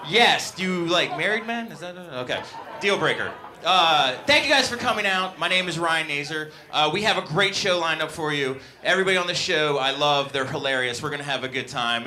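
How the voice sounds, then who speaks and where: A man in his late twenties doing a stand-up comedy set on a club stage, working the crowd in a loud, upbeat way. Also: on the high side, lively intonation, a little fast.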